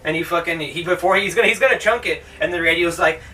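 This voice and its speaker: A man's voice: on the high side, fast talker, bright, forceful tone, recorded from a distance, a little hiss or hum. Profane, sarcastic man reviewing a movie. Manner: profane, rambling, sarcastic, with mocking put-on voices. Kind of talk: casual rambling film review.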